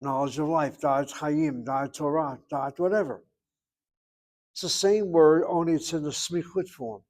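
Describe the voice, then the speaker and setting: A man's voice: a little high, measured pace, a little mellow. Emphatic older man teaching grammar. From United States. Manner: digressive, emphatic over-pronouncing. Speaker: Hebrew teacher. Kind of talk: classroom grammar lesson.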